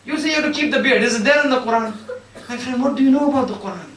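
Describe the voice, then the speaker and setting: In an echoey hall, heard from afar, a Shia cleric delivers a Muharram sermon, acting out a story's dialogue with distinct character voices and pressing emphatic rhetorical questions. He speaks very fast in a very high-pitched, slightly bright voice.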